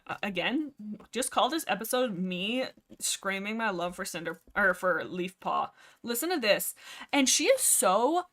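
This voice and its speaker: A woman's voice: mid-range voice, a bit bright. A young woman hosting a casual livestream, rambling happily about a book series with plenty of fillers and restarts. She keeps jumping back to correct herself and add side comments as she goes. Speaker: livestream host.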